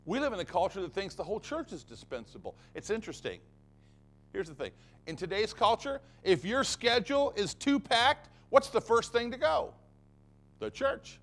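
A man preaching from the pulpit, with a high voice that climbs and drops all over. He hammers his points home by repeating phrases again and again. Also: lively intonation, normal speed, fairly bright tone. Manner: emphatic, repeating phrases for effect. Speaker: pastor. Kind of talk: sermon.

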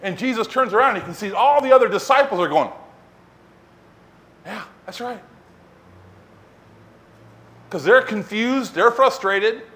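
A man preaching a sermon as pastor, telling the story in an animated way and acting out scenes. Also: sits high, brisk, hardly any pauses.

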